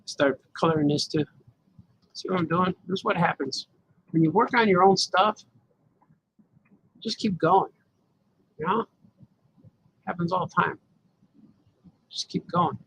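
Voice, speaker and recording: A man's voice: sits high, normal speed, creaky, pauses often, fairly bright tone, slight background noise, poor audio. A man cartoonist chatting casually to viewers as he colors his comic pages, rambling as he works. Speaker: cartoonist livestreaming his drawing. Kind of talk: casual live commentary while drawing.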